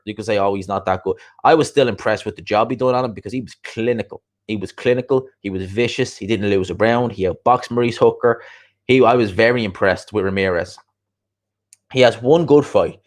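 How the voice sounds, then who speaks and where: A man chatting casually as a boxing show host, opinionated and repeating his points for emphasis. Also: fairly low pitch. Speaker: boxing show host reading viewer comments. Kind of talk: casual livestream chat.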